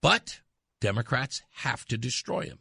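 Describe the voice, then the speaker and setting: A man hosting a talk radio show, giving emphatic, impassioned commentary that swings from loud to hushed. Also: medium pitch, animated, measured pace, vocal fry, slightly rough, dry recording, clean studio sound.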